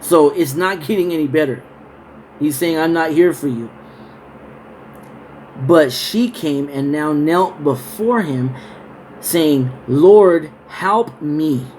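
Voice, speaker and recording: A man reading Bible verses slowly, then explaining them in a loose, conversational way with casual asides. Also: on the high side, darkish tone, a little hiss or hum, poor audio. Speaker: Bible teacher. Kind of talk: scripture reading and casual Bible study talk.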